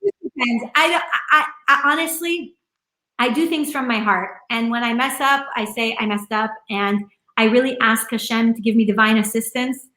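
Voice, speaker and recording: A woman's voice: fairly high pitch, moderate pace, sharp tone. Earnest woman guest, echoey room. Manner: earnest, rambling, many fillers. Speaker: interview guest. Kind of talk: casual conversational interview. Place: room at home.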